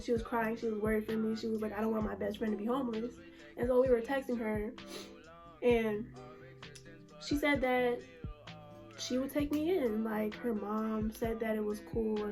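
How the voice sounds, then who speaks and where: A woman's voice: a little high, a little mellow. Emotional young woman telling a storytime. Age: young adult. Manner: emotional, slangy, full of fillers. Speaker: vlogger. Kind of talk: casual storytime.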